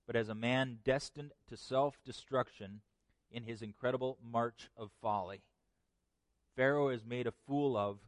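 A man preaching an expository sermon, animated, acting out God's words with rising emphasis. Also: medium pitch, dry recording.

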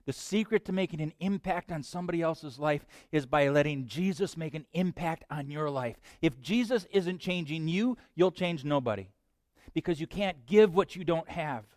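A man preaching a sermon as pastor, swinging between hushed lines and loud bursts. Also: on the high side, normal speed, no room sound, clean studio sound.

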